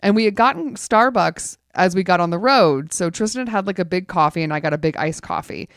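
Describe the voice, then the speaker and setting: A woman in casual podcast chat, telling an animated story full of "like" fillers. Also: lowish voice, brisk, no room sound, studio quality.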